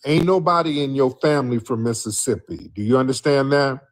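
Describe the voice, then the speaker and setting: A man's voice: mid-range voice, a little fast. A man hosting a live call-in show with an American South background, bringing callers on and teasing them with blunt disbelief. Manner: teasing, incredulous, talks over callers. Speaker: host. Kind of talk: casual live call-in chat.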